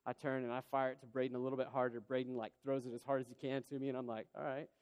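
A man preaching a sermon in a large church hall, telling a personal story in an animated, conversational way. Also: mid-range voice, rapid-fire. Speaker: pastor. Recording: long hall reverb.

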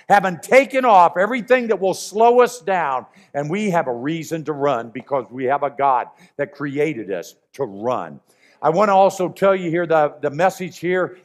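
A man with a fairly high voice preaches to his congregation. He speaks earnestly and with emphasis, driving his main points home by saying them again. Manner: earnest, emphatic, repeats key phrases. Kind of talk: sermon.

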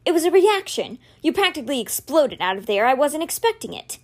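A woman reading aloud, voicing a scared, defensive teenage boy who strains to stay calm. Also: sits high, fairly quick, voice pushed up.

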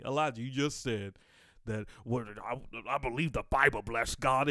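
A man's voice: medium pitch, normal speed, pushed and bright, no room sound, studio quality. A man preaching on his podcast in a fervent way, building to emphatic outbursts and repeating phrases for force. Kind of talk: sermon podcast.

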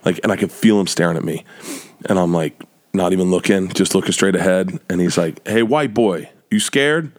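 Middle-aged guy telling a wild story on a podcast, loud and animated, does the voices. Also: sits low, brisk. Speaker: guest comedian.

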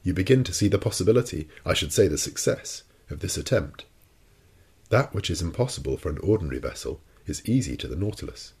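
Brief: a man doing a proud sea captain for an audiobook, low gravelly rasp, ironic and coldly sure of himself. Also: lively intonation, a little fast, a little mellow, exaggerated voice. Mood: assured. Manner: ironic and cold, unshakably confident. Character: cool, proud, commanding male sea captain. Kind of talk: audiobook character reading.

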